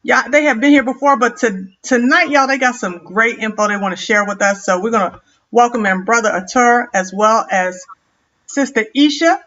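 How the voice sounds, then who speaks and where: Bright, upbeat woman hosting a live stream. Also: a little high, moderate pace. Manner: lively, greets viewers one by one. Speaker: host. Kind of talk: casual live-stream chat. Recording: dull lo-fi stream audio.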